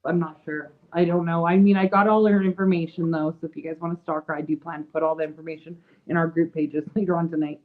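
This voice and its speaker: A woman's voice: low-pitched, flat delivery, fast talker, hardly any pauses. A woman chatting casually as a podcast co-host, blunt and profane, laughing often. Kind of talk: casual chat. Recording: tinny phone-like sound.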